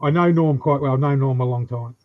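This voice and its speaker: A man talks fast and chattily, telling a short story on a livestream. His sound is dull and lo-fi, with crickets chirping behind. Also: medium pitch, crowd noise. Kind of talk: casual chat.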